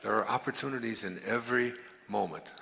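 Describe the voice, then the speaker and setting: A man with a fairly low voice gives a motivational talk. He tells personal stories with lively energy and acts out the people he quotes. He often stops and restarts his sentences as he goes. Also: a little fast, creaky, husky. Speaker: motivational speaker.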